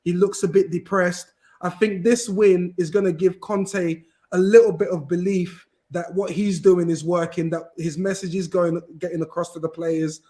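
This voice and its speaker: A man chatting casually as a fan on a football podcast, rambling and animated with many restarts. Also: high voice, moderate pace, hardly any pauses. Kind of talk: casual chat.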